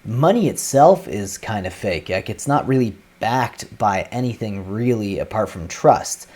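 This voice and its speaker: A man hosting a reaction video, talking in a relaxed, offhand, conversational way. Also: fairly low pitch, a little slow. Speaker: host reacting to clips. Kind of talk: casual commentary.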